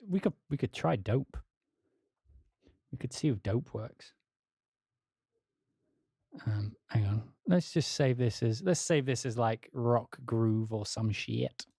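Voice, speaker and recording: A man's voice: medium pitch, expressive, takes it slowly, pauses often, mellow, husky, dry recording, studio quality. A man casually talking through his music production on a livestream, rambling and thinking aloud, with casual swearing. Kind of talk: casual livestream talk while working.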